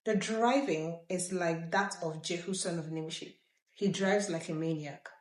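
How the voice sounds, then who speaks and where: A watchful male lookout calls down his urgent reports, as a woman reads him. Her slightly low voice echoes in the room. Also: unhurried, close to an everyday voice. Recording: roomy echo.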